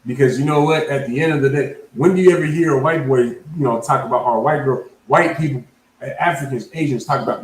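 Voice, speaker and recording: A man's voice: medium pitch, fairly quick, roomy sound, rough recording. A man preaching at a Bible class, reading scripture aloud and breaking it down in casual slang, often asking "you understand?". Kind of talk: street sermon, Bible class teaching.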